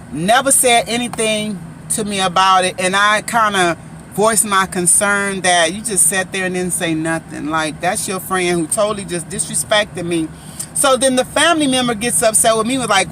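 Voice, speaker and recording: A woman's voice: medium pitch, a bit bright, a little hiss or hum. A woman vlogger telling a story-time account into her phone, emphatic and talking straight to viewers as "guys.". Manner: emphatic, keeps addressing viewers as guys and asking their opinion. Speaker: vlogger and faith prophetess.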